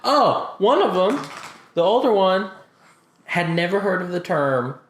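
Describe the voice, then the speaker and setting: A man co-hosting a podcast in casual chat, telling stories with lively acted-out quotes. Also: a little slow, reverberant, a little hiss or hum. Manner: animated storytelling, acts out quotes with big pitch jumps. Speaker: podcast co-host.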